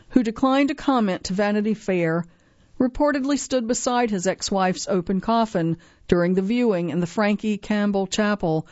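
Woman narrating a magazine story, measured reading, kinda muffled dry recording. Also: mid-range voice, darkish tone, no echo. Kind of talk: scripted narration. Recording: dry, slightly dull lo-fi sound.

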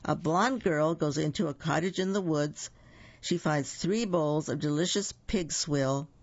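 A man's voice: fairly high pitch, measured pace, no room sound, highs cut off. A man reading a story aloud, voicing a fussy little pig who mutters and grumbles. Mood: grumbling.

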